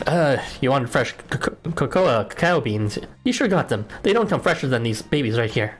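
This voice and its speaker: A man's voice: mid-range voice, very animated, moderate pace, soft background music, lightly acted. A man voicing a cheerful male farmer with a put-on Texas country drawl, folksy and hearty.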